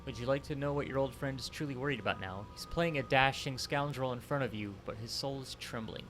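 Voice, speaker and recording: A man voicing a calm, mysterious male reflection who speaks as someone's conscience, in a soft, measured, confiding way, on a headset mic. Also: mid-range voice, faint music behind, lightly acted.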